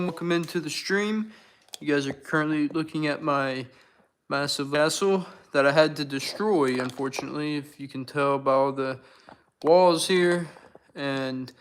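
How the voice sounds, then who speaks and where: A man's voice: on the high side, fairly bright tone. A young man hosting a casual livestream, chatting with his viewers and answering their comments while he works. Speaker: livestream host.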